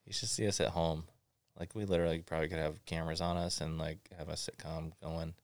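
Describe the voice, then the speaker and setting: A man in his forties from Florida hosting a casual chat, telling stories in an animated, joking way. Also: very deep voice, quick pace, no echo. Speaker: podcast host.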